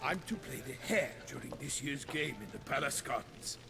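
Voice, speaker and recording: A man's voice: mid-range voice, expressive, normal speed, gravelly, noisy background. An actor playing a boisterous, pompous middle-aged male knight who speaks in a theatrical, declamatory way. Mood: jovial.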